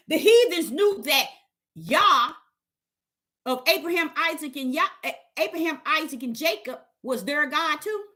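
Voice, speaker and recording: A woman's voice: high-pitched, sharp tone. A woman teaching the Bible on a livestream, emphatic and repetitive, firing rhetorical questions at her chat.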